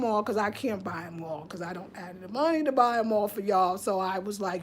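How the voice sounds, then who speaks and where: A woman's voice: mid-range voice, brisk, hardly any pauses. Chatty New York woman on a livestream. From Albany, New York. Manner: chatty, loose, restarts and trails off. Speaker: livestream host. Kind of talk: casual livestream chat reading viewer comments.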